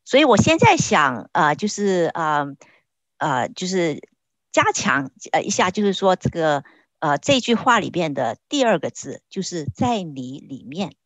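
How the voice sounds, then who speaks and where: A woman interprets a sermon phrase by phrase, pausing at times to search for words. Her pitch rises and falls with a lot of movement. The recording is close and dry. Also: very animated, no echo. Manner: searching for words, with frequent hesitations.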